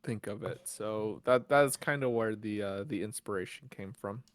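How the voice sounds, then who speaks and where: A man co-hosting a casual podcast chat, talking in halting bursts with frequent restarts and easy laughter. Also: lowish voice, no room sound. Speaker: podcast co-host.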